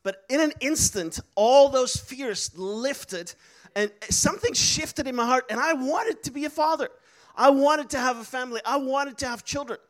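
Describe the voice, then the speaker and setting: Animated preacher, high voice. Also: male voice, normal speed. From Netherlands. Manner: animated, laughing, acts out quoted voices. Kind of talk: storytelling sermon.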